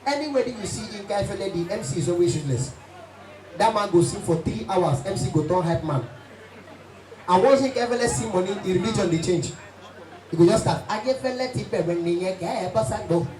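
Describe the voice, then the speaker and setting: A man with a Nigerian accent doing stand-up comedy at a party, lively and playful, switching into many voices. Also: high-pitched, fairly quick. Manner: lively, does many voices and sing-song bits. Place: event hall. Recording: echoey hall from far off, music behind.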